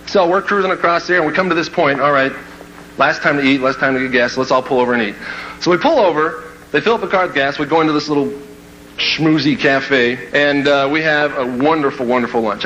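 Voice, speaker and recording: A man telling a comic personal story to a live audience, playful and lively, breaking into shouts and laughter. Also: mid-range voice, slight background noise, rough recording. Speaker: motivational speaker.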